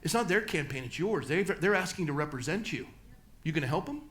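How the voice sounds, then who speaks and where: Middle-aged male pastor, higher-pitched, emphatic church delivery. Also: expressive. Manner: emphatic, rising to loud peaks, then dropping low and slow. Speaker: guest pastor speaker. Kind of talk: church talk and Q&A answer. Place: church hall.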